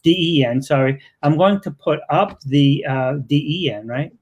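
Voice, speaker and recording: A man's voice: on the high side, normal speed, breathy edge. A man with a Boston accent hosting a live-stream interview, effusive and joking, with lots of fillers. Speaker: interviewer and show host.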